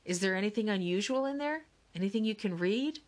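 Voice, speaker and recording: A woman's voice: medium pitch, lively intonation, a little fast, voice pushed up, lightly acted. A woman reading an audiobook, voicing an eager, impatient young girl. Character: eager impatient girl, sibling who sketches.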